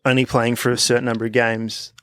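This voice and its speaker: A man's voice: mid-range voice, little pitch movement, a bit bright, smooth, no room sound, studio quality. Rambling man asking questions. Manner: rambling, restarts, quick agreement. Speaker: podcast co-host. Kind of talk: casual banter.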